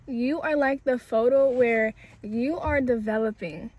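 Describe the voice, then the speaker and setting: A woman's voice: fairly high pitch, measured pace, a little mellow. A young woman giving an inspirational spiritual message in a casual, conversational way, building emphasis through repetition. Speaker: spiritual speaker.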